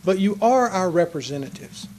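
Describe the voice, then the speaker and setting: Guy pleading his case at a council meeting, pretty high voice, earnest and fired up. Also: animated, moderate pace, a little mellow, a little hiss or hum. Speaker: citizen speaking at a city council meeting. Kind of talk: public comment speech. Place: council chamber.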